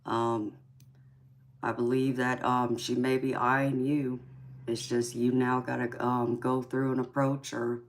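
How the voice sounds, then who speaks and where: Very low-voiced Southern woman reading tarot. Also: flat delivery. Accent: Southern US, Georgia. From California. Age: 40s. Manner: affectionate, calls viewers sweetheart, drawn-out filler ums. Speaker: tarot reader hosting a live chat. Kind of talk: casual live-stream chat and tarot reading.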